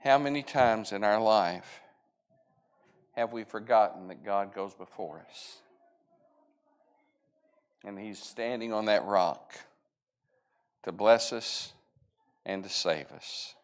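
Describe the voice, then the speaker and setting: A man's voice: on the low side, slow pace, pauses often, smooth. Man, Bible class teacher; earnest, conversational, acts out quoted lines as he retells scripture. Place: church classroom.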